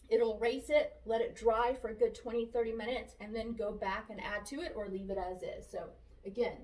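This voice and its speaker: A woman's voice: fairly high pitch, steady tone, fairly quick, darkish tone. A woman demonstrating a furniture painting technique, casually talking through each brush stroke as she works and repeating her steps aloud. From Florida, USA. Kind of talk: casual how-to narration while working. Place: shop workspace. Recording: echoey room, voice from a distance.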